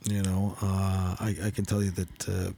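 A man's voice: low voice, completely flat delivery, normal speed, gravelly, mellow, slight background noise. A middle-aged man, hosting a podcast and telling a story in a casual, rambling way full of "you know" fillers. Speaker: podcast host and former police officer.

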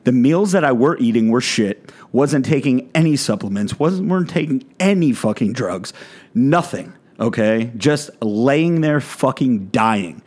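A man's voice: mid-range voice, lively intonation, measured pace, darkish tone. A man, a fitness content creator, delivering a blunt, profane rant in a vlog monologue.

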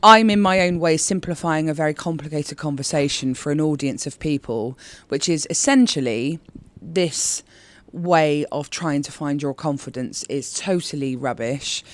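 A woman from Bristol with a Bristolian accent, chatting in an interview as a comedian guest in a rambling way full of quick asides. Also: low voice. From Bristol, England. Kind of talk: casual interview chat.

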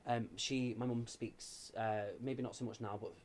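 A young man from Liverpool with a broad Scouse accent talks casually, full of fillers and restarts. His voice sits in a middle pitch range. A faint hiss of room ambience hangs behind him in the dressing room. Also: steady tone, moderate pace, a little mellow. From Liverpool, England. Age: 20s. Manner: chatty, hesitant, many fillers and restarts. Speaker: guest. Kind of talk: casual chat.

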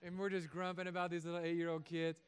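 A man in his thirties, a pastor preaching a sermon in a church, animated and joking, acting out little voices. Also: fairly high pitch, fast, smooth. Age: 30s.

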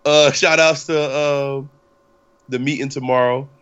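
A man's voice: mid-range voice, fairly even intonation, unhurried, fairly bright tone, clean tone, muffled recording. A young man hosting a casual podcast, rambling and profane, with many fillers and restarts. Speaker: podcast host.

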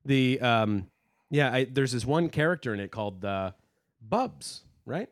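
A man's voice: mid-range voice, lively intonation, unhurried, no echo, clean studio sound. Rambling man in casual chat. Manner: rambling, hesitant with many fillers. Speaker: podcast co-host.

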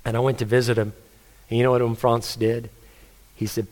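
Earnest pastor preaching. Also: male voice, mid-range voice, level tone, a little fast, a little mellow. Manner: earnest, conversational preaching with story-telling. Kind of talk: sermon.

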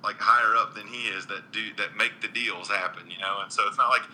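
A man's voice: fairly low pitch, steady tone, brisk, sharp tone, slight background noise, rough recording. A man, a country singer, chatting earnestly in an interview with frequent restarts and ums. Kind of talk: casual interview chat.

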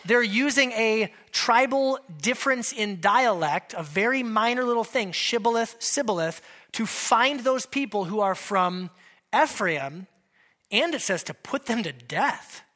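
Woman pastor, bright and fairly high voice, animated and conversational in the pulpit. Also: unhurried. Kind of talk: sermon. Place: church service held in a theater.

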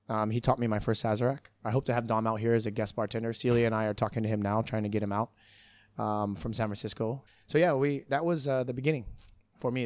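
A middle-aged man, a bartender, telling his story in a relaxed, rambling way with frequent restarts. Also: medium pitch, no room sound. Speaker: bartender guest. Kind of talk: casual storytelling in an interview.

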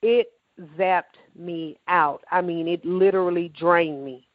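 A woman with a fairly low voice shares a personal faith testimony. She tells it with emotion and emphasis, acting out each exchange. The recording is dry and a little dull. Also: steady tone, slow pace, dry recording. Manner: emotional, emphatic storytelling that acts out dialogue. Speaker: testimony speaker.

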